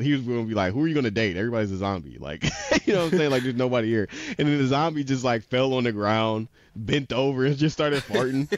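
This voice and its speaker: A man's voice: mid-range voice, dry recording, highs cut off. A man casually retelling an anime episode, rambling with lots of "he was like" quotes and frequent laughs. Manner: laughs often. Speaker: podcast co-host.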